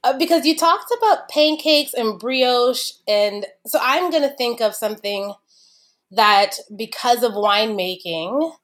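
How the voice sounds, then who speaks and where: A woman's voice: on the high side, animated, a little slow, a bit bright. A woman, a wine expert guest, talking in a chatty, explanatory way with many fillers. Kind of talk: casual podcast conversation.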